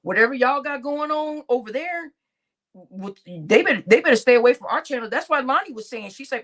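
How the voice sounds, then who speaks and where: A woman's voice: sits high, animated, a little fast, fairly bright tone. Chatty laughing woman livestream host. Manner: chatty, laughing, addresses viewers as y'all. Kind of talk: casual livestream chat.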